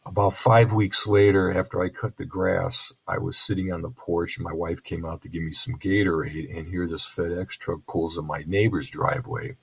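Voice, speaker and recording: An older man telling a personal story as a bereaved father, halting with frequent restarts and repeated words, earnest and heavy with grief. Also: deep voice, steady tone, vocal fry, slightly rough, low-quality recording. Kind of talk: personal testimony.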